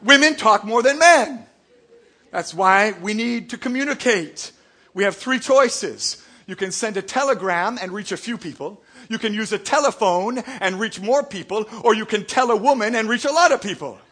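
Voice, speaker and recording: A man's voice: sits high, lively intonation, normal speed, bright, forceful tone. A man preaching a sermon, telling jokes and stories to his congregation. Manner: joking, storytelling preacher. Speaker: pastor.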